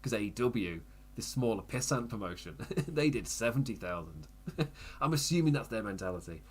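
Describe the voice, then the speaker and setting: A man hosting a wrestling podcast, chatting casually with frequent laughs and quick self-interrupting asides. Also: lowish voice, animated, a little mellow, slightly rough. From United Kingdom. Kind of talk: casual live recap commentary.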